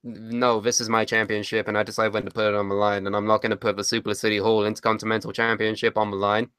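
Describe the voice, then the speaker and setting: A woman's voice: very deep voice, little pitch movement, fast talker, a bit bright, smooth, no echo, studio quality. A woman co-hosting a casual podcast chat, sarcastic and blunt, swearing often. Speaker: podcast co-host.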